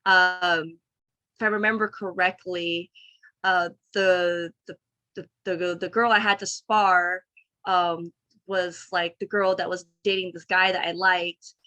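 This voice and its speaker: Bright-voiced woman, rambling and candid. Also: fairly low pitch, level tone, slow. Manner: rambling, many fillers and restarts; candid, acts out her own past thoughts. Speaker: podcast guest. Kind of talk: casual conversation.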